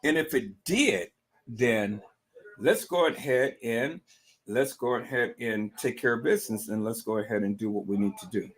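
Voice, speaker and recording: A man's voice: medium pitch, normal speed. A man giving casual livestream commentary, emphatic and repetitive, asking rhetorical questions.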